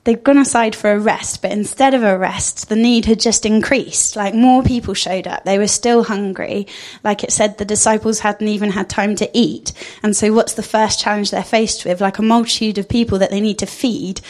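Woman, informal sermon, conversational, thinking aloud, medium pitch. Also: steady tone, moderate pace, hardly any pauses, a little mellow. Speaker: speaker giving a church talk.

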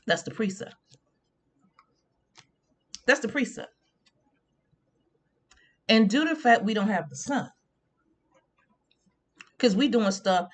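A woman's voice: fairly high pitch, animated, slow pace, pauses often, slight background noise. A woman preaching an informal sermon on a radio show, drawing words out and humming in agreement with herself.

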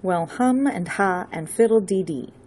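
A woman's voice: mid-range voice, expressive, a little slow, darkish tone. A woman voicing a flamboyant male chauffeur who speaks in a theatrical, wordy, upper-crust manner.

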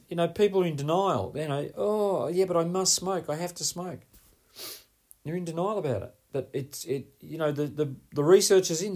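Husky-voiced man coaching on a podcast. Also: medium pitch, a little mellow. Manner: emphatic, rambling, keeps asking "right?". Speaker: podcast host and performance coach. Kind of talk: solo podcast monologue.

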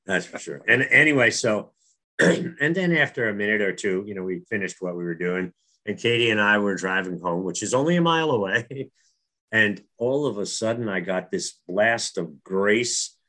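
Sharing a personal story of faith, a middle-aged New Jersey man talks casually and earnestly, repeating himself and starting over often. His voice sits fairly low, animated and sharp, at a moderate pace.

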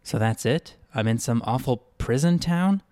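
A man's voice: mid-range voice, expressive, normal speed, warm tone, no echo, clean studio sound, pitched above the performer's own voice, close to an everyday voice. A man voicing a frightened young woman who is trapped in a strange town and keeps asking anxious questions. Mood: uneasy.

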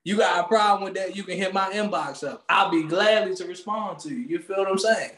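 A man co-hosting a podcast, ranting loudly with swearing and frequent laughter, speaking. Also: high-pitched, a little fast, reverberant. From Maryland, USA. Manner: loud, animated, swearing, laughing often. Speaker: podcast co-host. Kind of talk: casual comedic rant.

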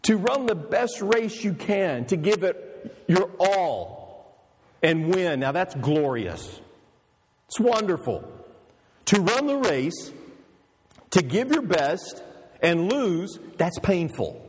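A man's voice: high-pitched, sing-song, slow, pauses often, husky, long reverb tail. A male pastor preaching an emphatic, storytelling sermon with rhetorical questions.

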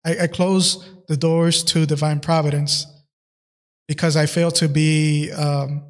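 A man with a slightly higher voice hosts his own podcast. He tells a personal faith story in a loose, earnest way, full of fillers and restarts. Long reverb trails behind his voice. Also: little pitch movement, unhurried. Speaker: podcast host. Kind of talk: casual faith reflection.

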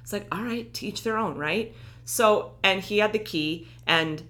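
A woman telling a personal story in casual chat, animated, acting out the lines of the people in it. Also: mid-range voice, normal speed.

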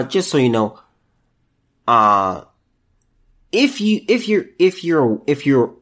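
Incredulous ranting male podcast host. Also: medium pitch. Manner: incredulous, ranting, many restarts. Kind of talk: solo commentary podcast.

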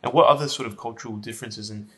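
A man hosting an interview, asking long, halting questions full of restarts. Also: mid-range voice, a bit bright. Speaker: interviewer, podcast host. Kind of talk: casual interview.

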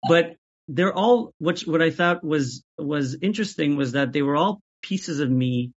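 A man talking as an interview guest about making sketches, even-keeled and often restarting his sentences. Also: on the high side, unhurried, husky. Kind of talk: casual interview chat. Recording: dull lo-fi audio.

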